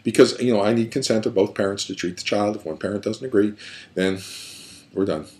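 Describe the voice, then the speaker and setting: A man's voice: fairly low pitch, brisk, a little mellow. A man who works as a therapist, explaining a pattern step by step in an emphatic lecture with repeated phrases. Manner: emphatic, repetitive, building points step by step.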